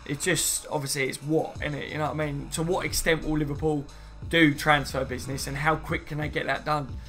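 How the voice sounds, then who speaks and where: A man's voice: fairly high pitch, level tone, a little fast, bright, forceful tone, faint music behind. A man chatting casually on a live stream, rambling and reading viewer comments aloud, saying "mate" and "you know what I mean" often. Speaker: football fan streamer.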